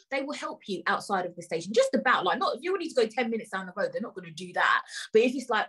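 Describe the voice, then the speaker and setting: A woman's voice: fairly high pitch, sing-song, fast, husky, low-quality recording. A woman hosting a podcast, telling a story in an indignant, emphatic way, swearing freely and talking straight to her listeners. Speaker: podcast host. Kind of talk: casual storytelling rant.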